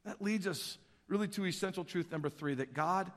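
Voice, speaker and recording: A man's voice: sits high, brisk. A man preaching a sermon, telling a story with humor and acting out the voices of the people in it. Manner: animated storytelling, acting out voices for comic effect. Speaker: pastor. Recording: long hall reverb.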